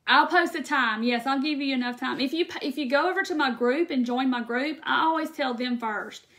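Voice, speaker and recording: Brief: Southern woman craft-stream host, Mississippi drawl, a touch high, folksy and chatty. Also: brisk, a bit bright. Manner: chatty, folksy, laughs often. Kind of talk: casual live chat with viewers. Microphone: phone or webcam on a live stream.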